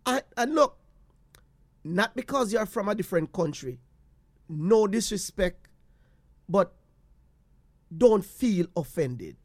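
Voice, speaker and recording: A man with a Jamaican accent, telling a personal story to his viewers in an animated way, slipping into patois and repeating phrases. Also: sits high, slow, long pauses, no room sound.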